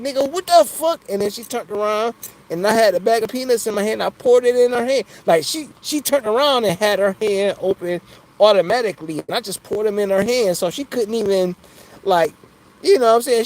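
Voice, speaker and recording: A man's voice: high-pitched, rough recording. A man hosting a casual livestream, chatting loosely with viewers and laughing often between jokes. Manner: loose and jokey, laughs often, keeps asking "you know what I'm saying". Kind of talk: casual live chat.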